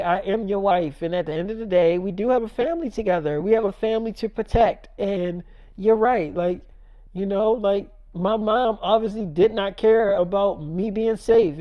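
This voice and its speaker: A performer voicing a shaken, forgiving young wife in an improvised spoken story, rambling and halting with many fillers. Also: medium pitch, mellow, no echo, studio quality, close to an everyday voice.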